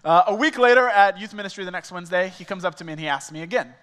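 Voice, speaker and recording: A male small groups pastor telling a personal story in a sermon, animated and casual, acting out the dialogue. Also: high-pitched, racing, smooth, big-room sound. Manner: animated, acts out quoted dialogue, frequent "like" fillers. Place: church auditorium.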